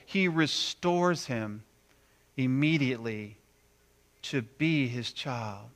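A man preaching a sermon, animated, acting out quoted voices with big swings between loud and quiet. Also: mid-range voice, takes it slowly, long pauses. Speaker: pastor.

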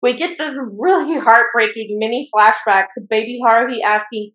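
An excitable woman hosts a casual show, recapping an anime episode the way a fan would and getting worked up as she goes. Her voice sits a little high. The recording has a noticeable echo from the room. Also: moderate pace. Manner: excitable fan, gets worked up and laughs while retelling. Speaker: podcast host recapping an anime.

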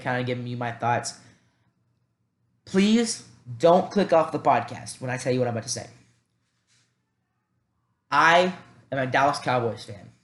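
Young man, Southern accent, sports podcast host, cheap headset, roomy echo. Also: medium pitch. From American South. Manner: rambling, fast and animated, with many restarts. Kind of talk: solo sports podcast talk. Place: at home by a computer.

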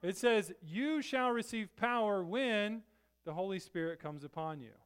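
A middle-aged man preaching as pastor, casual and conversational, tossing in "right?" asides and breaking into loud emphatic bursts. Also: high-pitched, a little slow, clean tone. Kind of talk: sermon.

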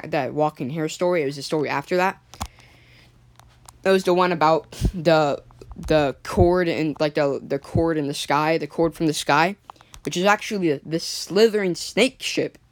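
A woman telling an improvised sci-fi story, rambling with many restarts, a cough, and frequent throat clearing. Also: low-pitched.

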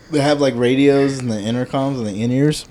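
A man's voice: medium pitch, normal speed, mellow. A young man jokes and laughs his way through a podcast chat, adding to his friends' story. His voice sits in a medium range. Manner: joking, chiming in, laughing. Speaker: podcast co-host. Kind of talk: casual chat.

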